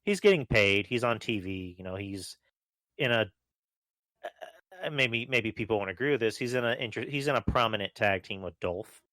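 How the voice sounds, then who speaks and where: Male podcast guest, low voice, casual hedging talk, dead-dry recording. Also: normal speed, a bit bright, no echo. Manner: offhand, hedging, swears casually. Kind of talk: casual wrestling podcast chat.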